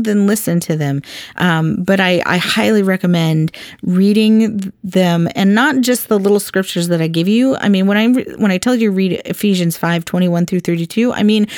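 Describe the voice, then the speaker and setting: A woman's voice: mid-range voice, a little mellow, no echo, clean studio sound. A woman hosting a Bible teaching podcast, talking in a chatty, earnest way with lots of ums and restarts.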